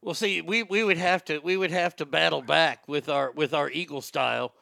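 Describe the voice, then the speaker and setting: A man hosting a podcast, chatting in an excitable, profane way and stumbling over names as he reads news out loud. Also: on the high side, normal speed, creaky, dry recording, clean studio sound. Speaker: podcast host. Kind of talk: casual banter.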